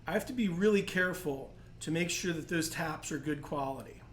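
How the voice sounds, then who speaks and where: A man's voice: on the high side, a little fast, echoey room, heavy background noise. A man teaching a livestream drum lesson, patiently explaining technique and counting in. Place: percussion studio.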